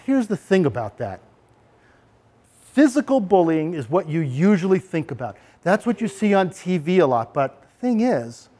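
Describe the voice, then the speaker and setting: A man with a high, very lively voice gives a talk on bullying prevention. He slips into the first person as the bully to make his points, swooping up and down as he goes. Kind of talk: lecture with role-play.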